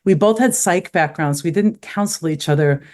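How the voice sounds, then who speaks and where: A woman's voice: on the low side, normal speed, darkish tone. A middle-aged woman, a podcast guest, telling candid personal stories in casual conversation. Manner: candid, storytelling, many fillers.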